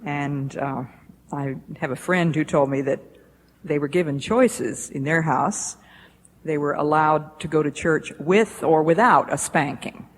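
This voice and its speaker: A woman giving a devotional talk in a measured, deliberate way, recorded in a lecture hall in the 1980s. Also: sits low. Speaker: speaker at a Bible institute. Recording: echoey hall with faint hiss, 1980s.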